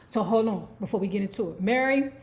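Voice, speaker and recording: A woman's voice: mid-range voice, fast. A woman hosting her own channel, telling a celebrity life story in casual, gossipy commentary, swearing freely and now and then breaking into song. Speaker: YouTube host.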